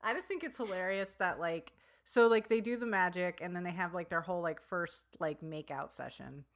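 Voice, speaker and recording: A woman co-hosting a casual book discussion, animated, acting out characters' lines as she retells the story. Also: fairly low pitch, moderate pace. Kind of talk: casual chat.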